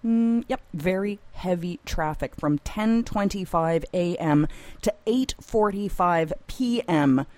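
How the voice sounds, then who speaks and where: A woman hosts a community radio show from a studio. Her delivery is playful and theatrical, lingering over words at a slow pace. Her pitch swings widely and sits slightly low, and the sound is dry and close. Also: animated, darkish tone, no echo. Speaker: radio host.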